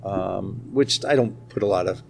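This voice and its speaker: A man talking casually as an interview guest, an animated storyteller who works as a school nurse and firearms instructor. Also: sits low, normal speed, gravelly, soft background music. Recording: faint background noise at a conference.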